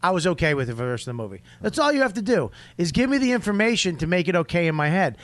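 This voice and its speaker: A man's voice: high-pitched, very animated, racing, fairly bright tone, no echo. A man hosting a comedy podcast, ranting emphatically and swearing while critiquing a set. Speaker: podcast host.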